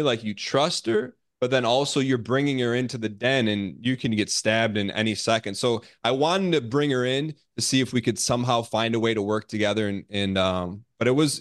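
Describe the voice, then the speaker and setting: A man reality show contestant answering interview questions, often restarting his sentences. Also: medium pitch. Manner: halting, with many restarts and fillers.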